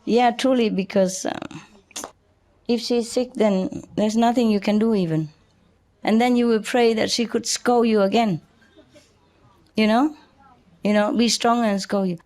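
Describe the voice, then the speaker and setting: A woman's voice: a little high, a little mellow. Chatty older woman teacher, laughs often. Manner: chatty, laughs often, simple halting English. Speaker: spiritual teacher. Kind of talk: informal spiritual talk.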